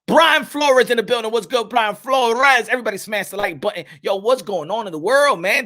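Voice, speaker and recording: A man with a very high, bright, forceful voice hosts a boxing talk show. He riffs to his viewers with animated, hyped emphasis and stretched-out words. His delivery is loose and unscripted, like live commentary chat. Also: moderate pace, hardly any pauses.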